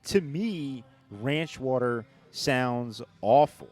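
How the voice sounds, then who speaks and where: A man's voice: mid-range voice, expressive, drawn-out words, a little mellow, soft background music. Guy cohosting a podcast, rambly, keeps restarting, jokey. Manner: joking, sarcastic. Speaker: podcast co-host. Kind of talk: casual chat.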